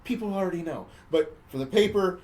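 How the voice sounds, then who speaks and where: Guy w a pretty high voice rambling thru a movie plot on a podcast, chuckly, lots of restarts. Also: animated, a little fast, darkish tone. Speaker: podcast host. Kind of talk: casual chat retelling a movie plot.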